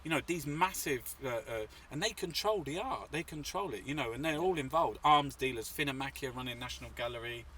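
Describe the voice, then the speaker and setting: A man's voice: medium pitch, a little fast, few pauses, bright, forceful tone, far from the mic, a little hiss or hum. A man from England, an artist and activist, telling stories in a rambling, swearing, casual interview outdoors in a city. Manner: rambling, swearing, full of fillers.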